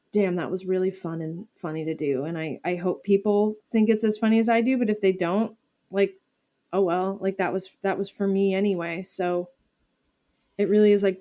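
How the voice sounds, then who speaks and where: A woman comedian talks casually as a guest in an interview. Her speech rambles with fillers and false starts, at a middle pitch for a woman. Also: dark tone. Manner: chatty, many "like" fillers and restarts.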